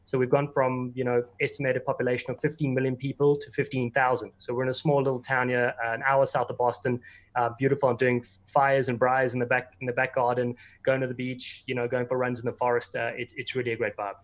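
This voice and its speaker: A man's voice: medium pitch, flat delivery, fast talker. An American man in casual interview chat, a rugby commentator telling friendly anecdotes. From United States.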